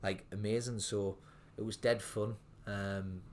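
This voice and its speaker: A man's voice: fairly low pitch, flat delivery, unhurried, darkish tone, a little hiss or hum. A man, telling his story as a guest in a casual podcast interview, rambling with lots of "like". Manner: rambling, full of fillers like "like". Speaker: guest, restaurant owner.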